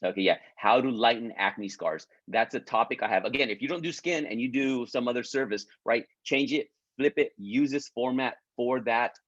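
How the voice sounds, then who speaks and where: A man's voice: mid-range voice, normal speed, few pauses, fairly bright tone, no echo. Male coach, casual pep talk, restarts often, mid-range voice, close and dry, muffled lo-fi sound. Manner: repetitive, stumbling restarts, keeps asking "right?"; encouraging, pleading with listeners. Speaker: business coach leading an online group.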